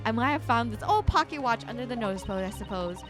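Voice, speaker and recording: A woman's voice: expressive, fast, music in the background, close to an everyday voice. A woman doing a brash young pickpocket girl. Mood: cheeky. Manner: brash, slangy, lower than her own voice. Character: cheeky young female London street pickpocket.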